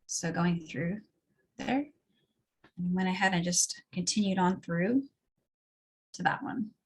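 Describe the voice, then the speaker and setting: Husky woman teaching a craft step by step. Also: lowish voice, takes it slowly. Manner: relaxed, chatty, explains as she works. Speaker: craft instructor.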